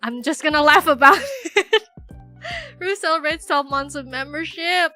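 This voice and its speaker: Young female streamer from the Philippines, bright forceful voice, rambly and giggly, faint music underneath. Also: high voice, expressive, moderate pace. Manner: rambling, giggly, filler-heavy, self-mocking. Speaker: VTuber streamer. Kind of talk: casual livestream chat.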